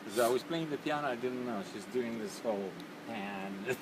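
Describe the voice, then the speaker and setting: On stage before sound check, a middle-aged male bandleader laughs a lot as he casually greets his bandmates for a backstage video chat. He speaks in a mid-range voice at a moderate pace over heavy background noise.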